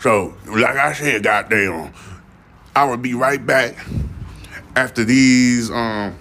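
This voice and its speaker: A man's voice: mid-range voice, expressive, slow pace, bright, forceful tone. Defiant rambling man hosting a solo podcast. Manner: rambling and defiant, repeating "you see what I'm saying". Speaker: podcast host. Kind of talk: casual solo podcast monologue.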